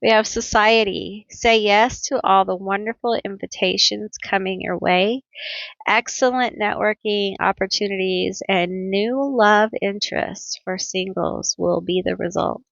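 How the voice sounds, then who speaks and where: A woman reads pick-a-card tarot at an unhurried, drawn-out pace, speaking straight to her viewers with sympathy. Her voice sits at a middle pitch. The recording is dry and a little dull. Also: a bit bright, dry recording. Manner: empathetic, speaks directly to viewers. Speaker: tarot reader.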